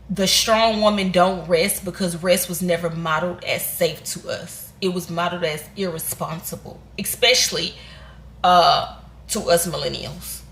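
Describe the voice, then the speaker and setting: A woman's voice: fairly low pitch, a bit bright. A woman, talking candidly in a sit-down reflective vlog, rambling and restarting as she goes. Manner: candid and rambling, with restarts and Southern US American slang. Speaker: vlogger. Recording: echoey room.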